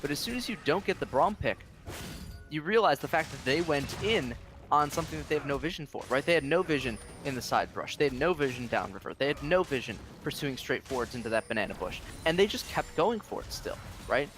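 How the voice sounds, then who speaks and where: A man's voice: fairly high pitch, lively intonation, fairly quick, a bit bright, faint music behind. A man giving color commentary on an esports match, explaining the play and tagging points with "right?". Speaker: esports analyst.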